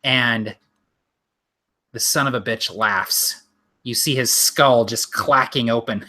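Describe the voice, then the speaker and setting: A man running a tabletop game as game master, narrating in an unhurried, descriptive way with frequent ums. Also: mid-range voice, fairly even intonation, bright, forceful tone.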